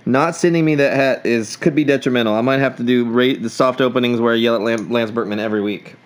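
A man's voice: medium pitch, fast. A man co-hosting a casual sports podcast, rambling and joking with many restarts. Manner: rambling, jokey, frequent restarts. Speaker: podcast co-host.

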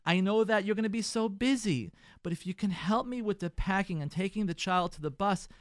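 Higher-voiced rabbi giving advice. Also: male voice, a little fast, dry recording, clean studio sound. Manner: coaching, acts out sample dialogues in a softer voice; repeats phrases, stammers on word starts. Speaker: rabbi and radio show host. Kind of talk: advice talk to listeners.

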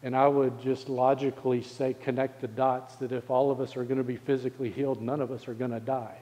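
A man's voice: medium pitch, little pitch movement, dark tone. Man preaching in a reverberant sanctuary. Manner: preaching with rhetorical questions and drawn-out emphasis. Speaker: pastor. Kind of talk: sermon.

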